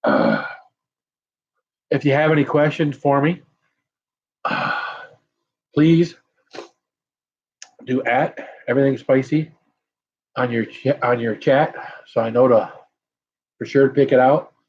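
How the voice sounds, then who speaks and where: A middle-aged American man hosts a casual live stream, chatting with viewers while his mouth burns from hot peppers, sighing and blowing out breaths. His mid-range voice swings widely in pitch, and he talks slowly with long pauses. The tone is darkish, with the highs cut off.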